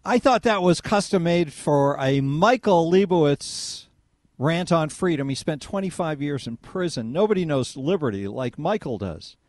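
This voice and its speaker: A man hosting a call-in radio talk show, animated and sarcastic as he talks with his guest. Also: fairly high pitch, normal speed, dry recording.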